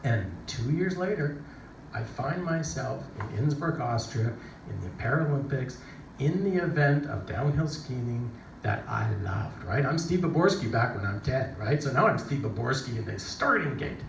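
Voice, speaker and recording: A middle-aged man giving a motivational talk, telling a story with lively energy and acting out the people in it. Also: medium pitch, normal speed, gravelly. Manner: animated storyteller, acts out voices and shouts. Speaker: motivational speaker. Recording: echoey hall from a distance, noisy.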